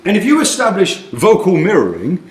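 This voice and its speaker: Animated man in an echoey hall. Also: sits high, brisk. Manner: animated, jokey, acts out voices. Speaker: speaker at a coaching conference. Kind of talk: lively conference presentation. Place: large hall. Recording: echoey hall, mic far off.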